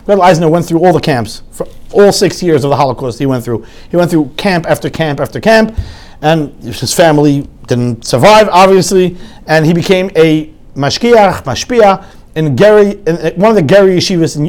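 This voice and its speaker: A man giving an animated sermon full of stories, often restarting his sentences and acting out quotes. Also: on the high side, moderate pace. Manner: lively, frequent restarts, acts out quotes.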